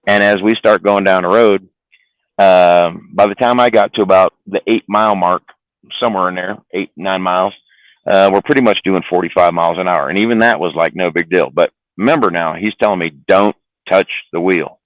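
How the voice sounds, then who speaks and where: Gruff-sounding low male trucker, swears freely, dry close sound. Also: fairly quick, no room sound, poor audio. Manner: rambling, profane, repeats words. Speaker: trucker guest. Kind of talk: casual storytelling on a live stream.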